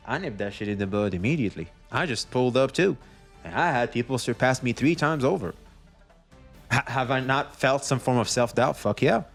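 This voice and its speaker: A man streaming commentary on online drama, talking casually with lots of profanity and acting out what others say. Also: medium pitch. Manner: animated, profane, acts out others in quoted voices.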